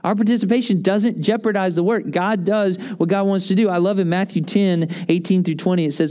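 Male pastor, higher register, conversational sermon delivery with plenty of asides. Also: a little fast, few pauses. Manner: conversational, animated storytelling with asides.

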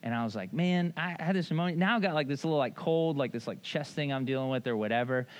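A man in his thirties, a pastor preaching a sermon in a conversational, animated way, telling stories and acting out quotes. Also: mid-range voice, quick pace, highs cut off. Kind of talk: sermon with storytelling.

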